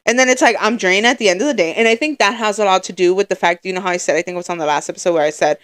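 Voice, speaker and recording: A woman's voice: mid-range voice, rapid-fire. A young woman co-hosting a podcast, venting in casual chat, tired and rambling with many restarts. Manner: weary, venting. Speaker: podcast co-host.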